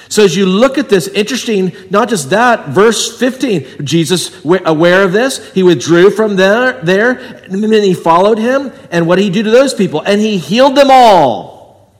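A man's voice: high-pitched, big pitch swings, unhurried, in a large hall. A man preaching an expository sermon, emphatic and acting out the voices he quotes. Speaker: pastor.

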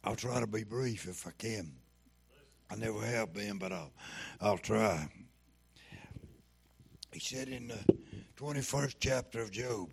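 A man preaching a sermon, breaking in with fervent shouts of praise. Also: fairly low pitch, a little slow, long pauses. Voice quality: gravelly.

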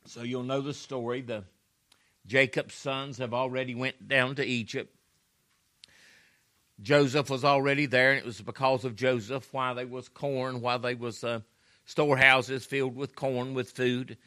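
A man's voice: mid-range voice, fairly even intonation, measured pace, bright, forceful tone. A man preaching a sermon, telling scripture stories in a folksy way with emphatic rises and drops.

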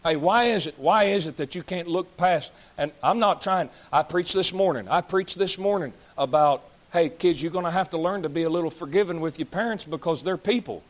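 Blunt, scolding pastor. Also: male voice, a little high, a little fast, few pauses. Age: 30s. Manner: blunt, scolding, folksy and joking. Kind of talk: fiery sermon.

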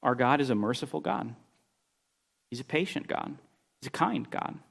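A middle-aged man preaching a sermon, telling a story with animated, exasperated bursts. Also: normal speed, vocal fry. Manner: animated storytelling, rising pitch when exasperated. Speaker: pastor.

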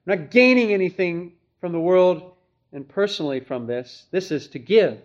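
A man delivers an expository sermon in a high, bright voice. He stays earnest and emphatic and often poses rhetorical questions to his listeners. The recording sounds a little dull and lo-fi. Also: lively intonation, moderate pace. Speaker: pastor.

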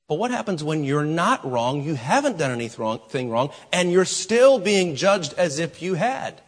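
A man preaching a sermon as pastor, with dramatic pauses and shifting volume. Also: fairly high pitch, big pitch swings. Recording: long hall reverb.

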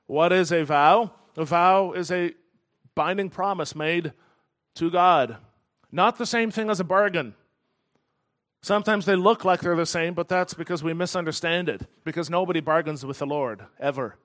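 A man preaching a sermon in an earnest, emphatic way, slowing down to stress key phrases. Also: a little high, fairly bright tone. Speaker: pastor.

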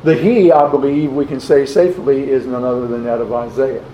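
A man preaching a sermon, slowly posing rhetorical questions and reading scripture aloud in old-fashioned wording. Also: mid-range voice, steady tone, warm tone, a little hiss or hum. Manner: slow, deliberate, repeats rhetorical questions. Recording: roomy, dull lo-fi recording.

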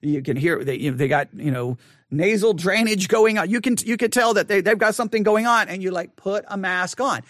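A middle-aged man with a notably high-pitched voice tells a story in a casual, rambling monologue. He gets animated, acting out people's lines and building nearly to a shout when he is exasperated. The sound is dry, with almost no room echo. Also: a little fast. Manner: animated, acts out quotes, rises to near shouting when exasperated.

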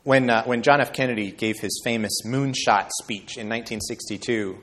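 Emphatic male preacher. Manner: emphatic, rising high and loud on key points, slowing words for weight. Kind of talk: evening sermon.

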